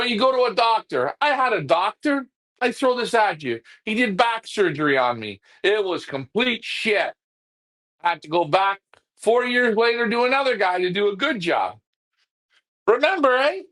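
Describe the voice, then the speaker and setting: A co-host of a pigeon racing club's live stream rants bluntly, his voice sitting high with a fairly bright tone. When he gets fired up, he repeats himself.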